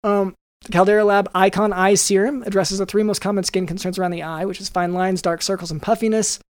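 A male co-host reads a podcast ad in a high-pitched, flat voice, moving a little fast. The improvised read is rambling and comedic, with frequent restarts. His tone is clean and the audio has no echo.

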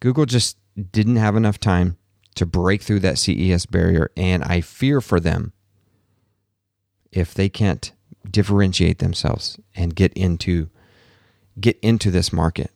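A low-pitched man with a gravelly, fry-laden voice, talking casually as a podcast host. He tells his stories with animation and acts out the other people in them. The sound is dry and close. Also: measured pace, no echo. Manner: animated storytelling, acts out quotes, laughs at himself. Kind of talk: casual monologue. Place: home office.

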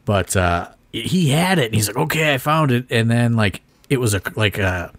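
A man co-hosting a podcast, talking in an excitable, profane way, full of fillers. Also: medium pitch, moderate pace, no echo. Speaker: podcast co-host. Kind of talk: casual chat.

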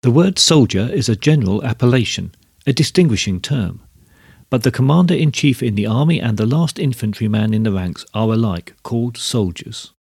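A man voicing a coarse, arrogant, fat male letter-writer who talks in a pompous, hurried way, in a storybook reading. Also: mid-range voice, expressive, gravelly, a little mellow, husky, no echo, clean studio sound.

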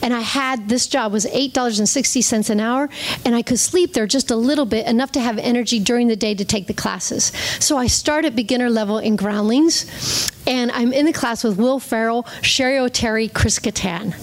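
High-voiced woman telling stories on stage. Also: moderate pace. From Ohio, USA. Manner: animated, dramatic storytelling to an audience. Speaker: solo performer. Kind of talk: live stage storytelling. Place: theater stage.

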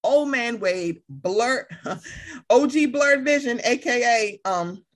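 A woman chatting casually on a podcast, animated and profane as she gives playful shout-outs. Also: on the high side, slow. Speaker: podcast guest. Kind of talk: casual chat.

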